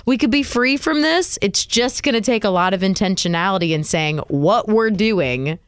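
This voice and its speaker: A woman co-hosting a radio show, chatty and expressive, laughing often. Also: medium pitch, normal speed, slight background noise. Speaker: radio co-host. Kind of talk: casual radio banter.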